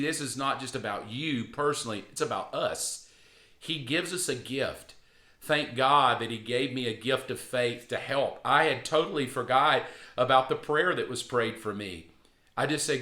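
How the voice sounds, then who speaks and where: Earnest, bright-voiced man preaching. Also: expressive, normal speed, reverberant. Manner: earnest, encouraging, rising emphatic pitch. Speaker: pastor. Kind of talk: devotional sermon.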